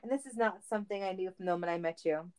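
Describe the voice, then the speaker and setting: A woman voicing a frantic, loyal male cartoon hedgehog, pleading and yelling. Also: lowish voice, racing, clear, resonant tone, lightly acted. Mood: earnest.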